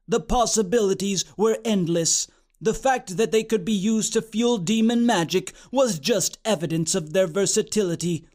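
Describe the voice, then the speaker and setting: High-voiced man narrating a comic story. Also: a little mellow.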